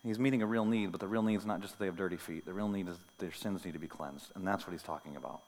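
A man's voice: low voice, very fast. Man preaching in a reverberant sanctuary. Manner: animated preaching, swinging from soft to loud; conversational, with asides and light humor. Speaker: pastor. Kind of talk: sermon. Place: church sanctuary.

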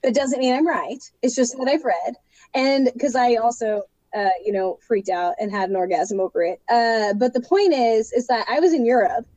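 A woman in casual podcast chat, animated and gushing, swearing and laughing often. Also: on the high side, moderate pace, no echo.

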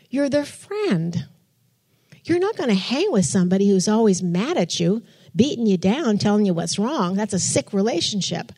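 An older woman gives a testimony to a church group. She talks in a chatty, storytelling way and acts out her own past thoughts as she goes. Her voice sits at a middle pitch. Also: darkish tone. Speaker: church speaker. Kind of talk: testimony sermon.

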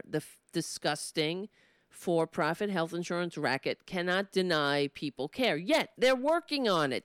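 Smooth-voiced sardonic New York woman host. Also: medium pitch, no echo, clean studio sound. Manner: sardonic, building to impassioned ranting. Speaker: political commentary host. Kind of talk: monologue commentary.

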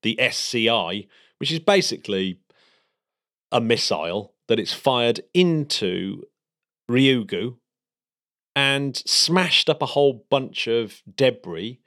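A man co-hosting a podcast, chatting excitedly about space news with plenty of fillers and restarts. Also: mid-range voice, takes it slowly. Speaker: podcast co-host. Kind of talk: casual space news chat.

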